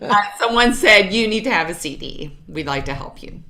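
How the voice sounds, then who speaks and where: A woman's voice: medium pitch, expressive, normal speed, pushed and bright. A middle-aged woman from Kentucky, a jazz singer, chatting casually as a guest and telling stories with many restarts. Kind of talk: casual chat.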